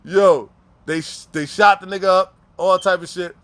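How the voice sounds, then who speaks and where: A man casually telling stories, animated and slangy, laughing often. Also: high-pitched, normal speed. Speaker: storyteller. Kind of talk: casual storytelling.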